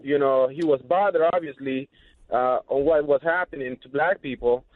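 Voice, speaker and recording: A man's voice: medium pitch, normal speed, no echo. A man calling in to a radio show, talking earnestly with many fillers. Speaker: caller. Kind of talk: call-in radio chat. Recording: tinny phone line.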